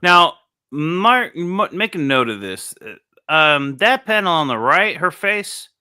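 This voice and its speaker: A man's voice: a little high, big pitch swings, slow, sharp tone, clear, resonant tone, dry recording, studio quality. A man co-hosting a casual comic-review chat, laughing often and rambling with restarts. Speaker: podcast co-host reviewing comics.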